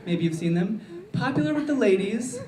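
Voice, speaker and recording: A woman doing a stand-up routine with a wry, deadpan delivery in a comedy club. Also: on the high side, moderate pace, far from the mic, a little hiss or hum. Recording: echoey club miked from afar, crowd laughter.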